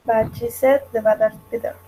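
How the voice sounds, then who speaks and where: A woman's voice: a little high, steady tone, warm tone, slight background noise, low-quality recording. Hesitant woman student. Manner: hesitant, halting, many filler sounds.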